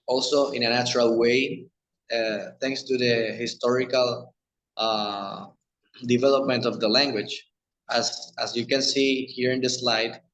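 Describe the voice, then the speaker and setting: A man with a Spanish accent, a native Spanish speaker, teaching English pronunciation in a halting lecture with many restarts. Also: mid-range voice, fairly bright tone, rough recording.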